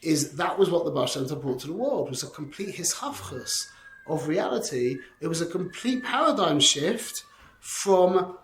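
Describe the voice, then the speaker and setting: Male teacher, animated informal lesson, slightly raised pitch, roomy echo. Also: unhurried, a little hiss or hum. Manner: animated, many restarts and rhetorical questions. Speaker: Torah teacher. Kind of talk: informal Torah class.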